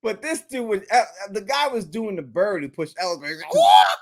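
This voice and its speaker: A man's voice: high-pitched, big pitch swings, fairly quick. A man co-hosting a casual show recap, laughing often, swearing and mimicking characters. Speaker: podcast co-host.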